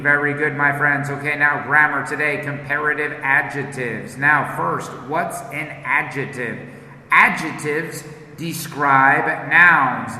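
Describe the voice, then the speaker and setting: Slow, deliberate teacher, echoey room. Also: male voice, on the high side, sharp tone. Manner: slow, deliberate, repeats words for students. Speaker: English teacher. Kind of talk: slow classroom explanation with drills. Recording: echoey room with long reverb, faint ambience.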